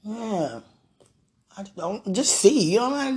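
Here a woman with a mid-range, slightly mellow voice talks a bit slowly but with lively intonation. Her casual monologue mixes in prayer, repeated phrases and frequent laughter, and she's both hungry and suffering heartburn.

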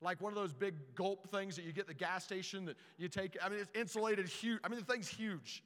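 A man preaching a storytelling sermon, animated and stumbling over repeated words as he starts sentences. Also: high-pitched, fairly quick, big-room sound.

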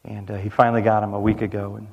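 A man's voice: lowish voice, level tone, racing, gravelly, highs cut off. Earnest male pastor preaching in an echoing hall. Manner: earnest preaching with repetitions and restarts. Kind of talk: sermon.

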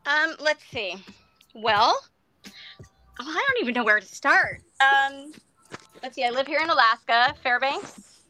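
A woman's voice: sits high, animated, measured pace, long pauses, pushed and bright. A woman calling in to a live online show over a video call, chatting in an eager, friendly way. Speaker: guest caller. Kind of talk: casual chat.

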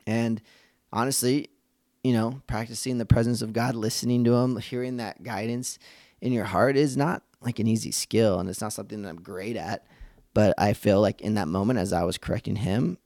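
A man's voice: on the low side, normal speed, creaky, darkish tone, no echo, studio quality. A man hosting a podcast for dads, talking in an earnest, reflective way, often restarting his sentences and acting out the voices of people he quotes. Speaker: podcast host. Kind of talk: casual reflective monologue.

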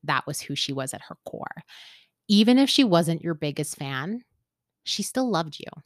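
A woman's voice: low-pitched, sing-song, moderate pace, dry recording, studio quality. A woman from Canada hosting a podcast, telling a personal story in a candid, casual way and often laughing. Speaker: podcast host.

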